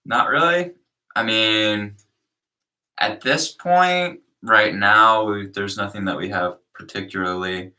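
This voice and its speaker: A man's voice: fairly low pitch, measured pace, bright, forceful tone, distant mic. A young man, a youth pastor, chatting casually on a livestream in an easygoing, rambling way.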